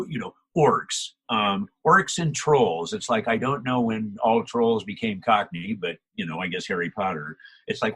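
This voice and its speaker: An older male voice actor chatting in an interview, animated, laughing often and acting out quotes. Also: on the low side, husky. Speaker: voice actor guest. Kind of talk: casual interview chat.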